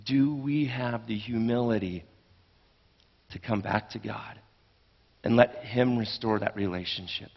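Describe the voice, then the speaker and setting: A man's voice: fairly low pitch, a little slow, pauses often, breathy edge, big-room sound, dull audio. A man preaching a sermon in an earnest, conversational way, often restarting his phrases. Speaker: pastor.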